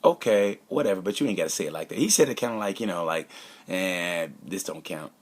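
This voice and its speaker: Man, raspy voice, deepish, casual opinionated race review, rambling and jokey. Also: very animated, racing, darkish tone. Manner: rambling, joking, drops to a conspiratorial whisper. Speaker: motorcycle racing commentator.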